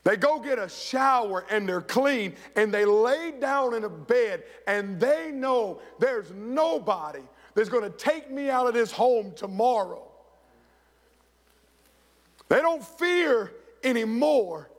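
Man, pastor, sermon, storytelling, voices the people he quotes, high-pitched, reverberant church hall. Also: animated, slow pace. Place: church sanctuary.

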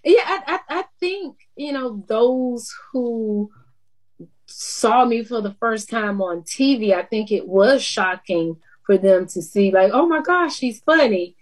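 A woman's voice: a little high, takes it slowly. Laughing woman news anchor. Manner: laughs often, lively and down to earth. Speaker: TV news anchor, interview guest. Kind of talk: casual interview chat.

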